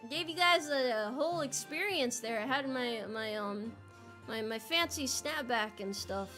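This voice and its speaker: High, bright young woman streamer, animated. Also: a little slow, faint music behind. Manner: animated, flustered, laughing, repeats words when worked up. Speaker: VTuber streamer. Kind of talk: casual livestream chat.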